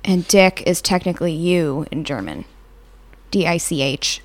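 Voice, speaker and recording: A woman's voice: deep voice, animated, moderate pace. A young woman guesting on a podcast, chatting casually with dry, matter-of-fact humor. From North Country, New York. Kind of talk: casual chat.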